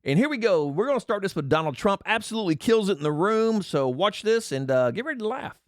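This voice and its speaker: A man's voice: high-pitched, quick pace, slight background noise. A man hosting a casual political commentary chat, joking and drifting off topic. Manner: animated, jokey digressions. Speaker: host.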